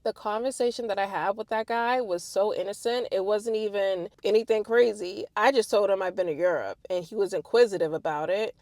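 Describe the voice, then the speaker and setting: A woman in her thirties casually telling a personal story to her viewers, animated and swearing freely. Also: medium pitch, brisk, hardly any pauses, no echo, clean studio sound.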